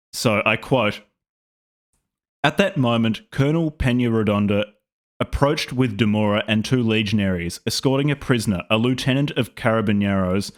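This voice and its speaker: Australian man, dry joking podcast co-host. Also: fairly low pitch. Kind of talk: casual chat and history reading.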